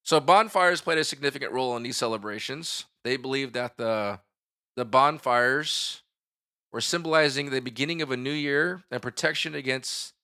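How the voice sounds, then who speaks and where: Middle-aged male podcast co-host, bright tone, relaxed and joking as he reads facts. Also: medium pitch, moderate pace, smooth. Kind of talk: casual chat.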